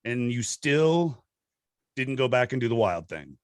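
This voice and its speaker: A middle-aged man hosting a podcast, telling stories in a casual, animated way and laughing often. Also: a little slow, no echo, studio quality. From Southern California. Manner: animated, laughs often, acts out quotes in high voices. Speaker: podcast host. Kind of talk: casual storytelling chat.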